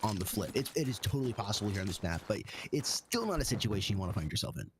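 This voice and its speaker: Man in low-voiced esports play-by-play. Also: rapid-fire, background noise. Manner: excitable, rambling play-by-play. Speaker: esports caster. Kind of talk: live esports commentary.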